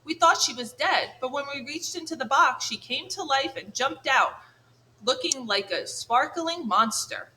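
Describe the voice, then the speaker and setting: A woman's voice: high voice, lively intonation, unhurried, bright, forceful tone, slight background noise, pitched above the performer's own voice, heavily acted. A woman voicing a friendly female otter with a chatty, cheerful way of talking.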